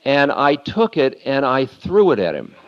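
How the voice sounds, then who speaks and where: Man telling a candid story in a lecture, mid pitch, laughs at himself, muffled old tape sound. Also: huge pitch swings, measured pace, slight background noise. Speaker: spiritual lecturer.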